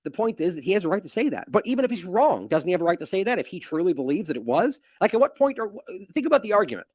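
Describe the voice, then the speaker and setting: A man's voice: sits high, rapid-fire, no echo, clean studio sound. A man hosting an independent news show, giving indignant, mocking commentary on the news. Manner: animated, indignant, mocking with sarcastic quotes.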